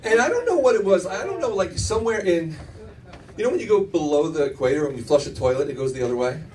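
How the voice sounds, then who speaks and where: A man's voice: fairly high pitch, sing-song, fast, distant mic. Brash, profane man doing stand-up. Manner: brash, profane storytelling with self-mocking asides. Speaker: stand-up comedian. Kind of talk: stand-up comedy routine. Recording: faint room noise, mic from afar.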